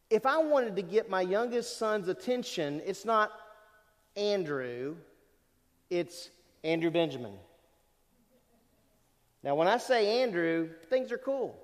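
A pastor in his fifties preaching a sermon to a congregation, animated and asking the listeners rhetorical questions. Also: high voice, big-room sound. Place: church service in a large hall.

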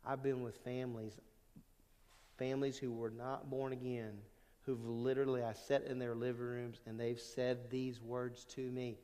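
A man preaching a sermon as pastor, animated, swinging between loud emphasis and quiet asides. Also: mid-range voice, moderate pace. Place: church sanctuary. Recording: long church hall reverb.

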